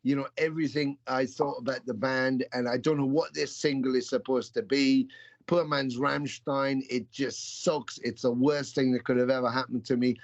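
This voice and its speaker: A man's voice: medium pitch, fairly even intonation, normal speed. Rambling man in his fifties, muffled call. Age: 50s. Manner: rambling, storytelling, frequent restarts. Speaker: musician guest. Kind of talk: casual interview chat. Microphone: video call. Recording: slightly dull video-call audio.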